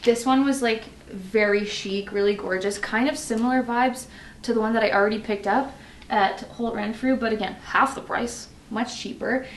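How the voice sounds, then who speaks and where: A woman's voice: a little high, fairly even intonation. Woman beauty vlogger, casual and effusive to camera, recorded in an echoey room. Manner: chatty and effusive, gushing, with many likes and quick asides. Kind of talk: casual vlog chatter to camera. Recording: roomy echo, faint noise.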